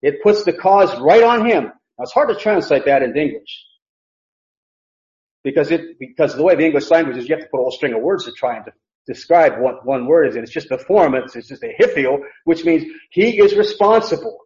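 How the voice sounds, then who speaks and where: A man's voice: on the high side, lively intonation, a little fast, a little mellow. A man teaching an expository Bible sermon, emphatic, and often repeating phrases. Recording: roomy, dull lo-fi sound.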